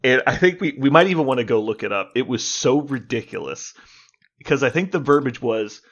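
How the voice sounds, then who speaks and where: Man, podcast co-host, casual chat, animated, swears, slightly dull sound. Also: mid-range voice, brisk. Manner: animated, swears, laughs while explaining.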